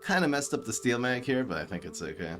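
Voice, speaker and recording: A man with a mid-range voice and a light East Coast accent with a New York tinge streams a card game, talking fast and thinking aloud in excitable, laughing commentary while faint music plays in the background.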